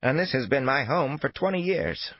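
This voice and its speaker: A man's voice: medium pitch, lively intonation, normal speed, no echo, muffled recording, voice pushed up, lightly acted. A male narrator voicing an elderly, wary landlady who talks emphatically. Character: elderly wary woman landlady, fussy and fierce.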